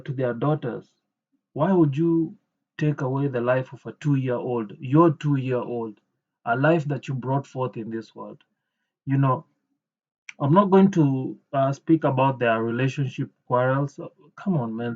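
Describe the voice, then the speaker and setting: A man giving an indignant reaction commentary, halting often with fillers, on a dull lo-fi recording. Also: mid-range voice.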